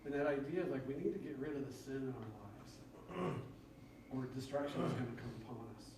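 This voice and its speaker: A man preaching a conversational sermon, acting out prayers and complaints in a lively, rising voice. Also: brisk, background noise. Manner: conversational, acts out prayers with rising excited pitch. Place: church sanctuary. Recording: very echoey church from far off.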